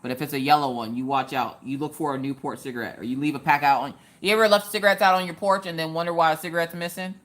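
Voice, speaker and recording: A woman's voice: low voice, quick pace, hardly any pauses. Playful woman hosting a craft live stream. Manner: joking, animated, answers chat by name. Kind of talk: casual live-stream chat.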